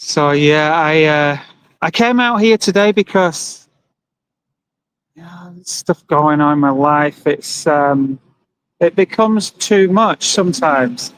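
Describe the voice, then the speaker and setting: Trucks rumble by as this man livestreams from a roadside animal rights vigil, speaking earnestly and emotionally to his audience and voicing their comments in a casual monologue. He talks slowly in a slightly high, fairly bright voice that sounds clear and resonant despite the rough recording.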